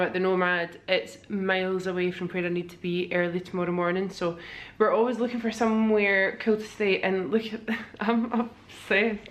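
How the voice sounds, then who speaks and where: Chatty Scottish woman vlogging. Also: fairly low pitch. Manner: chatty, enthusiastic, gushing. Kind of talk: casual vlog chat. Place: hotel room. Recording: echoey room.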